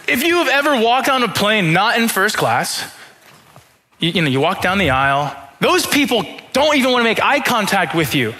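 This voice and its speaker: A young man, a high school pastor, preaching a sermon through funny, self-deprecating stories and acting out his own thoughts in quotes. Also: big pitch swings, normal speed, pushed and bright. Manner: humorous self-deprecating storytelling.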